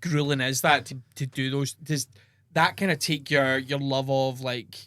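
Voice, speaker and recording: A man hosting a podcast, asking relaxed, rambling questions. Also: mid-range voice, unhurried, no room sound. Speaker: podcast host. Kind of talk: casual podcast chat.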